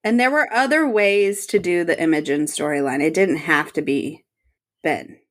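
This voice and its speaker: A woman co-hosting a podcast, recapping a TV episode in casual chat, animated and laughing often. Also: on the low side, normal speed. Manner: animated, laughs often, reads out her notes. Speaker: podcast co-host.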